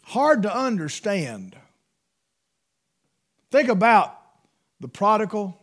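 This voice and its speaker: A man preaching a sermon in a folksy, emphatic way, swinging between loud bursts and hushed asides. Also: sits high, big pitch swings, slow.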